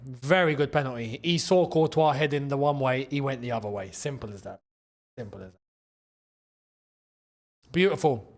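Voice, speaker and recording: Hosting a live football watchalong on a streaming mic, a man with a high voice for a man is excitable and loose. He repeats phrases and bursts into laughter between calls.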